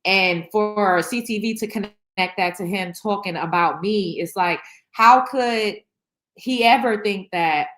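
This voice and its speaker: A woman's voice: medium pitch, a little slow, fairly bright tone. Blunt, emotional woman vlogging candidly. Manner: emotional, blunt, swears freely; rambling, many restarts and fillers. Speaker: show host. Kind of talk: candid reaction vlog.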